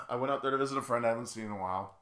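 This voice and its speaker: Bright-voiced man telling stories animatedly. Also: medium pitch, racing, roomy sound. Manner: animated, laughs through his own stories. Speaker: podcast co-host. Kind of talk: casual chat, storytelling.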